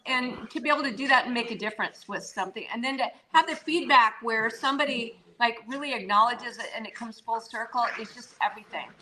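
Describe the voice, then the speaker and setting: An older actress joins a casual interview over a video call from her home, with pets around, in poor audio. She's warm and chatty, laughs easily and often trails off with fillers. Her voice is a little high, and she talks quickly with few pauses.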